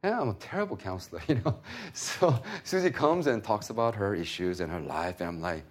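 Lively preaching pastor, low voice. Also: male voice, a little fast. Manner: animated, swings from loud preaching to hushed storytelling. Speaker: pastor and seminary teacher. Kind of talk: sermon with personal stories.

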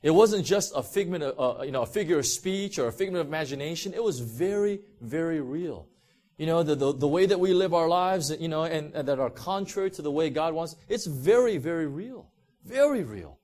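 A man's voice: fairly high pitch, lively intonation, a little fast, darkish tone. A man preaching a sermon in a conversational way, giving a personal testimony with many fillers and restarts. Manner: conversational, heavy use of "you know" and restarts.

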